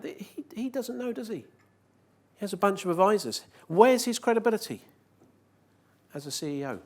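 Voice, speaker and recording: A man's voice: high voice, expressive, normal speed, long pauses. A man giving a live conference presentation, joking with the audience and asking rhetorical questions. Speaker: conference speaker. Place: conference hall.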